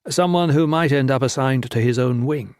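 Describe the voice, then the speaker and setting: A man narrating a fantasy audiobook in a steady, measured storytelling manner. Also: mid-range voice, clean tone, no room sound, studio quality.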